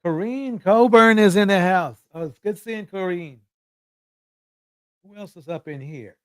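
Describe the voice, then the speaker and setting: Man, livestream commentary host, very slow, emphatic repetitions. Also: sits high, clear, resonant tone, dry recording, clean studio sound. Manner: emphatic, repeats words for effect.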